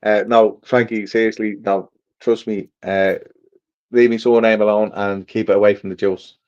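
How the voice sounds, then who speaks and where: A man's voice: lowish voice, little pitch movement, normal speed, darkish tone. Joking Irish man on a lo-fi line. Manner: teasing, laughs often. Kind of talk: casual joking podcast banter.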